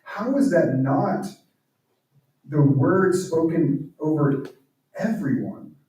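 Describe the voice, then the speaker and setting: Male guest preacher, mellow, storytelling style, distant mic in a very echoey hall. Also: fairly high pitch, expressive, slow. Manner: conversational storytelling. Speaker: guest speaker and author. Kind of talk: sermon. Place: large church hall.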